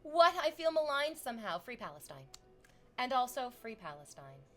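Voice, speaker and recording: A young adult woman livestreaming casual chat, swearing freely and breaking into excited shrieks and laughter as she reacts to viewers. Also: fairly high pitch, normal speed.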